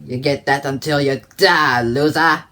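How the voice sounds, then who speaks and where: A man putting on a shrill, loud character voice that mocks and taunts. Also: steady tone, measured pace. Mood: taunting.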